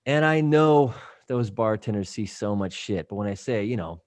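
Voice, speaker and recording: Male podcast host, casual animated storyteller, does quick voices, dry booth sound. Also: medium pitch, dry recording.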